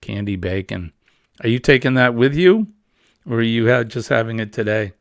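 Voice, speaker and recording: Gravelly rambling New host. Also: male voice, medium pitch, animated, normal speed, dry recording. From New England. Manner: rambling, jokey, easily amused. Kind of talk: casual morning chat show.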